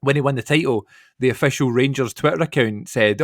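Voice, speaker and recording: A Glaswegian man co-hosting a podcast, animated and quick to laugh in casual chat. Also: mid-range voice, no room sound, studio quality. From Glasgow, Scotland. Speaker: podcast co-host.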